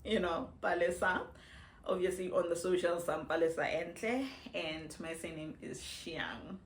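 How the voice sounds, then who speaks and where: A woman's voice: on the low side, a little slow. A South African woman in her thirties, chatting playfully to the camera and laughing often in a casual get-to-know-me vlog shot on a phone. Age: 30s. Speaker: vlogger. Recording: echoey room.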